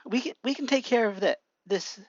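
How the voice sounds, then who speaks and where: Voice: medium pitch, a little fast, no room sound, dull audio, pitched above the performer's own voice, natural voice. A reader voicing an eager, stubborn girl heroine in a raised voice with stumbles, reading amateur fan fiction. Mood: pleading. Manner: raised, breathless character voice with stumbles.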